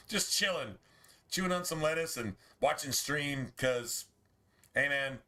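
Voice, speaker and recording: A man's voice: on the high side, unhurried, sharp tone. A man streaming a video game, chatting casually in a rambling way, full of restarts and asides. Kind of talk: casual chat while streaming gameplay.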